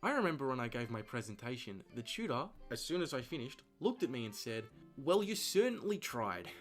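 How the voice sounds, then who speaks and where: A young man talks straight to camera in a comic vlog monologue. His voice sits in an ordinary middle pitch. He keeps it self-mocking and peppered with crude jokes. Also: big pitch swings, fast talker, fairly bright tone, faint music behind. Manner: self-deprecating, crude jokey asides. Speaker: vlogger.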